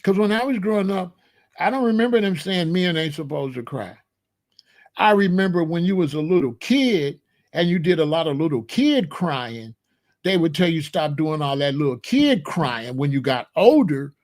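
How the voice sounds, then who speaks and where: Host, male, higher-pitched voice, emphatic rhetorical delivery, casual talk. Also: very animated, moderate pace, darkish tone. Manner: emphatic, rhetorical, repeats points. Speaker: commentary host. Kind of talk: casual spoken commentary.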